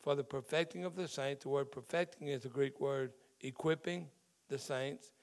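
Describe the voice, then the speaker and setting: A man's voice: medium pitch, steady tone, moderate pace. A man who is a pastor, preaching a sermon in a conversational way and explaining the meaning of Greek words in scripture.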